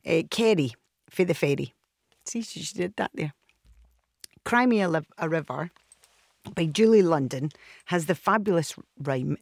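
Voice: mid-range voice, expressive, a little slow, vocal fry, no room sound, studio quality. Chatty radio co-host reading messages. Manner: chatty, reads listener messages aloud. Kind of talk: casual radio chat.

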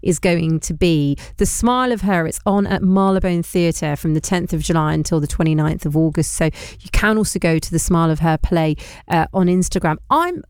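A woman's voice: on the low side, moderate pace, clear, resonant tone, no room sound, clean studio sound. A woman hosting a radio interview, encouraging her guest with frequent affirmations. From United Kingdom. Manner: warm-toned, encouraging interviewer with many backchannel affirmations. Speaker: radio presenter. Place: radio studio.

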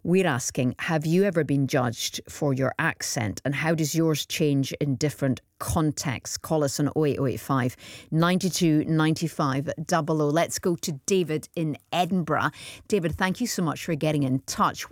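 A woman's voice: deep voice, moderate pace, no room sound. Woman radio phone-in host, dry studio mic, encouraging chat. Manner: chatty and encouraging.

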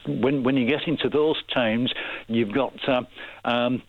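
A man's voice: mid-range voice, steady tone, measured pace, dry recording. Lancashire man on a tinny phone line. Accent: Burnley, Lancashire. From Burnley, northern England. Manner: hesitant, many fillers and restarts. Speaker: caller. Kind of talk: phone-in radio chat. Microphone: telephone.

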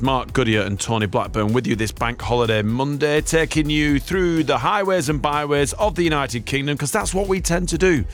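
A man hosting live radio from a studio, chatting in a jokey, rambling way and laughing often. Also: mid-range voice. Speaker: radio host. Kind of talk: live breakfast radio chat. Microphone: studio microphone.

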